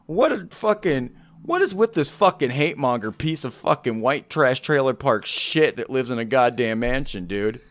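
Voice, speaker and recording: A man's voice: medium pitch, animated, normal speed. A man co-hosting a podcast, telling a story in casual, rambling chat full of swearing. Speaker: podcast co-host.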